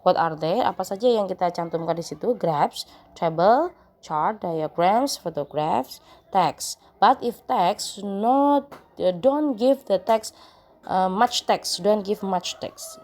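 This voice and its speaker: A woman teacher with an Indonesian accent giving a lecture, slow and halting, repeating each point in two languages. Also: fairly low pitch, darkish tone. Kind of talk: classroom lecture.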